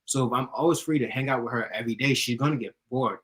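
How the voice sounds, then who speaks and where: Giggly fast-talking young man. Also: medium pitch, a bit bright, low-quality recording. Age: young adult. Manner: fast, giggly, laughs often. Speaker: YouTuber giving dating advice. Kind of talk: casual chat.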